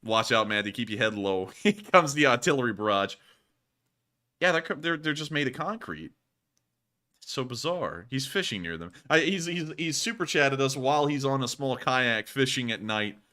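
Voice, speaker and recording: A man's voice: medium pitch, expressive, normal speed, pushed and bright. A man hosting a casual live stream, joking around, laughing often and repeating his phrases as he reacts to viewer messages. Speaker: show host reading viewer messages.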